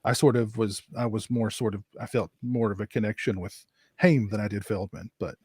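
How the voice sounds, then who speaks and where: A man's voice: fairly low pitch, fairly even intonation, fairly quick, darkish tone, slightly rough, no room sound. A young man chatting as a podcast guest, rambling with many restarts. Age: young adult. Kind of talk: casual chat.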